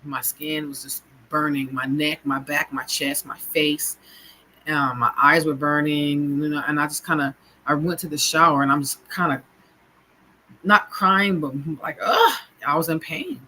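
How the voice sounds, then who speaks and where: A woman telling her own story of abuse as a personal testimony, in a halting way full of fillers and restarts. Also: sits low, bright, forceful tone, low-quality recording. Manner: halting, full of "you know" and "kinda" fillers.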